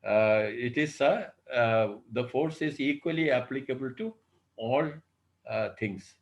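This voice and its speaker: A man's voice: medium pitch, lo-fi sound. Man, professor, online lecture, video call, filler-heavy, rhetorical questions. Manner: unhurried, thinks aloud with many "uh, you know" fillers and rhetorical questions. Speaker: professor giving a workshop lecture.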